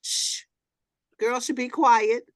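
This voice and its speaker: A woman hosting with a voice a little above the middle in pitch. She moves from measured, reflective reading into easy, animated talk. The sound is dry and close-miked. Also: dry recording. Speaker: host. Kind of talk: reading a passage, then casual group chat.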